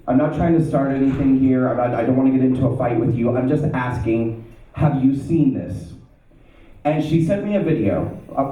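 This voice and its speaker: A man telling a personal story to an audience, acting out his past thoughts in an animated way. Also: mid-range voice. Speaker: speaker at an event. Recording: echoey room, heard from a distance.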